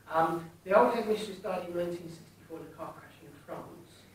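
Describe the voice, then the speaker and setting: A man's voice: high voice, a little fast. Joking man in an echoey hall. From England. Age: 40s. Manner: cheeky, jokey, teases the audience. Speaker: ghost tour guide and medium. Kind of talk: joking storytelling to a live group. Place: large indoor hall in an old fort. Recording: echoey, distant room with faint noise.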